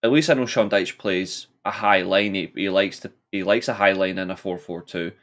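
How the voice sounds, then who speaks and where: A man's voice: low-pitched, moderate pace, fairly bright tone. A man talks football on a podcast. He is blunt and heated, pushing his opinions hard in casual chat. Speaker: podcast co-host.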